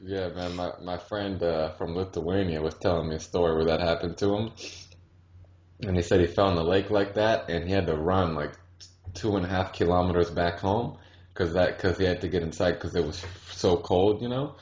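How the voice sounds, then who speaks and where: A man with a very deep, low voice tells stories in a relaxed, slangy way, full of swearing. He sounds roomy and echoey, and the recording is dull and lo-fi. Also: normal speed. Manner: laid-back, profane storyteller. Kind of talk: casual chat.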